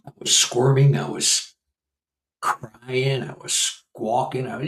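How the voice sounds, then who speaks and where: A man in his sixties, a guest researcher and author, telling a personal story in a casual conversation, animated and laughing as he acts out what people said. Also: medium pitch, a little slow, vocal fry, roomy sound, recorded from a distance, rough recording. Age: 60s.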